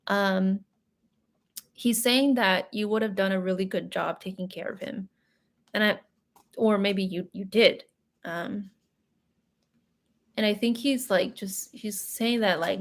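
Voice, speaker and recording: A woman's voice: mid-range voice, slow pace, long pauses. Chatty, emotional young woman reader. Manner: chatty and emotional, many fillers. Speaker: tarot and psychic reader. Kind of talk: live reading, casual chat.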